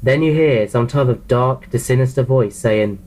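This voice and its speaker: A man of ordinary pitch narrates a horror story in the first person. He reads plainly, tripping over words and repeating phrases as he goes. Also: a little slow, heavy background noise. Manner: plain reading with frequent restarts.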